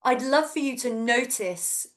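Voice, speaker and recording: A woman in her thirties, a vocal coach gently and encouragingly guiding a voice and breath workshop over a video call. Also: high voice, animated, a little slow. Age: 30s.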